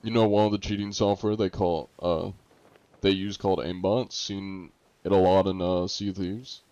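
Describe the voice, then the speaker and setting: A man's voice: deep voice, level tone, moderate pace, warm tone, dry recording, highs cut off. A man streaming a game and chatting casually with viewers, laid-back and sarcastic. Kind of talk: casual gameplay chat with viewers.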